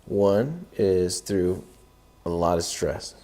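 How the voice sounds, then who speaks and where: A man co-hosting a podcast, talking casually and telling animated stories. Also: sits low, slow pace. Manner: animated storyteller who acts out his own inner voice. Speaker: podcast co-host.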